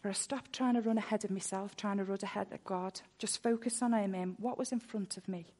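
A woman's voice: mid-range voice, fairly even intonation, a little fast, warm tone. A woman preaching a sermon full of personal testimony, earnest, and she repeats words when she gets worked up.

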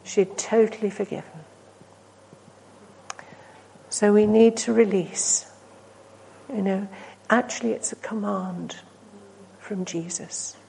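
A woman preaching a sermon, earnest and storytelling, swinging from emphatic peaks to hushed, near-whispered asides. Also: mid-range voice, steady tone, slow pace, gravelly, pauses often, slight background noise, rough recording. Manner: earnest, rising to emphatic then dropping to hushed.

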